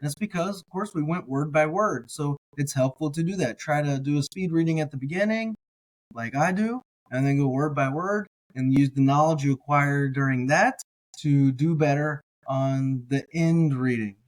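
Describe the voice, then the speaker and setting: A man teaching as he reads a text slowly, word by word, repeating each word patiently. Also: fairly high pitch. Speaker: biblical language teacher. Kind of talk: slow word-by-word reading lesson.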